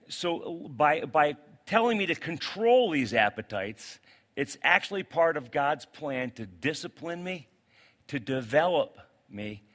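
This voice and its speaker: A male pastor preaching a sermon to a congregation. He is animated, swinging between loud outbursts and quiet, pleading asides. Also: fairly high pitch. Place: church sanctuary with congregation.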